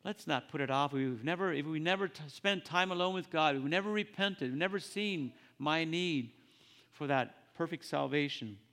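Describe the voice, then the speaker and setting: A man's voice: fairly high pitch, a bit bright. Earnest man preaching in a reverberant hall. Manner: earnest, halting, repeats phrases. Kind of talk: sermon. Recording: long reverb of a church hall.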